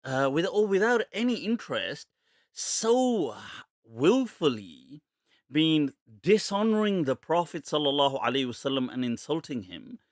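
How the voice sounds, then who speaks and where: A man's voice: fairly high pitch, expressive, measured pace, no room sound, studio quality. A man hosting a live-stream question-and-answer show, joking and laughing often and slipping in Urdu phrases. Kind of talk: casual live-stream chat.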